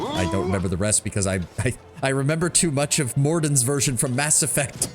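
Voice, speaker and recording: A man's voice: medium pitch, big pitch swings, fast, over music. A man streaming a video game, talking in casual, playful asides. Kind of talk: gaming commentary.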